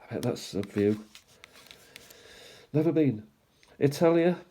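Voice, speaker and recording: Slow, dark-voiced man musing. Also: mid-range voice, expressive, husky. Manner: unhurried, musing aloud with little asides. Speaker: stamp collecting channel host. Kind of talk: casual show-and-tell commentary.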